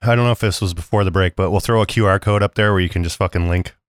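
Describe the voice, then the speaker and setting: A man's voice: deep voice, steady tone, rapid-fire, no echo, clean studio sound. A man co-hosting a podcast in casual, profane banter, joking and swearing freely. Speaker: podcast co-host.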